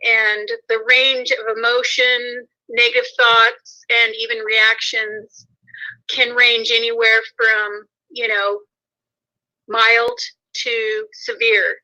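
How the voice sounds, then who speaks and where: Slow, bright-voiced woman guest by phone. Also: a little high, poor audio. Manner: hesitant, many ums and restarts.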